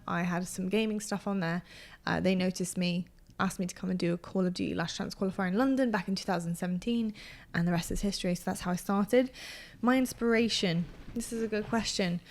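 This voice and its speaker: Young woman, esports caster, chatty and animated, mid-pitched voice; casual podcast co-host. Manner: chatty, animated, quick to laugh.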